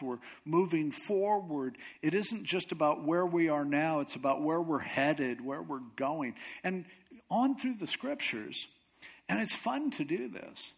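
A man's voice: fairly high pitch, husky. A man preaching a conversational, self-deprecating sermon. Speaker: pastor.

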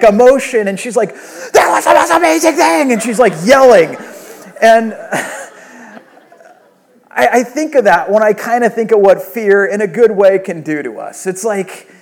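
A man preaching a sermon, telling a personal story with animated swings from hushed to loud and excited. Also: sits high. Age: adult father of young children. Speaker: pastor.

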